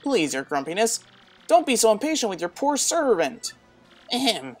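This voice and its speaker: A woman's voice: sing-song, normal speed, a little mellow, soft background music. A woman voicing a fussy old female turtle witch who serves her king with simpering politeness. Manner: simpering, overly polite, pitched up.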